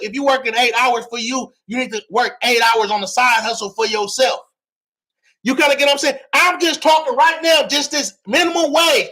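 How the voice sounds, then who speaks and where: This man's very high, bright voice carries a forceful edge as he runs a livestream. He lectures viewers on money and real estate with hype and a preachy tone, using slang and repeating himself a lot.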